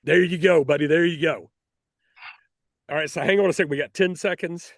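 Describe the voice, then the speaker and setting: High-voiced chatty male talk show host. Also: fairly even intonation, brisk, dry recording, studio quality. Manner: folksy, chatty, counts down to air. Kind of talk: hosting an online talk show.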